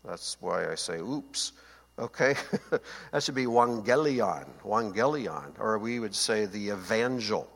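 A man's voice: fairly low pitch, expressive, slow pace, vocal fry, a bit bright. A man giving a conversational Bible teaching, often checking that his listeners follow. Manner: conversational, asks listeners to confirm. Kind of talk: seated Bible teaching talk. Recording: long hall reverb.

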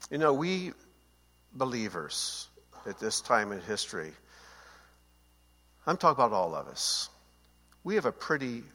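A man's voice: fairly low pitch, pushed and bright. Man teaching Bible in reverberant hall. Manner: conversational, asks listeners to confirm. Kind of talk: seated Bible teaching talk.

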